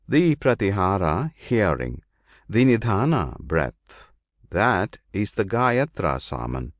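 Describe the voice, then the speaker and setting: Slow, lively-pitched solemn male reader. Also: no room sound, studio quality. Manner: deliberate, solemn, with long pauses. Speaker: audiobook narrator. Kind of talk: slow measured scripture reading.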